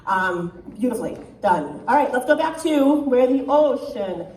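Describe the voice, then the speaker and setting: A woman's voice: fairly high pitch, lively intonation, a little slow, a little mellow, a little hiss or hum. A woman with a soprano voice coaching a choir in rehearsal, chatty and encouraging, often checking in with "right?". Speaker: choir clinician giving critiques. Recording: echoey hall, mic far off.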